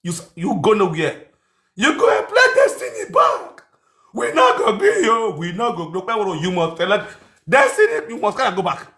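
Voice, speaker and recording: A man with a Nigerian Pidgin accent voicing a wailing, mock-crying man begging the governor with theatrical sobs and shouts. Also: huge pitch swings, normal speed, full character voice. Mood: shouting plea. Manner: shrill, theatrical sobbing and shouting. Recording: echoey room.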